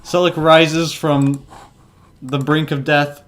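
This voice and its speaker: A man acting as game master in a tabletop role-playing session, unhurried and full of filler words. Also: on the high side, level tone, a bit bright.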